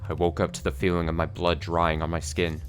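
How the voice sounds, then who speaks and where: A man voicing a brooding, weary young male defendant in a game, recounting events in a flat, somber way. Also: deep voice, a little fast, soft background music, close to an everyday voice.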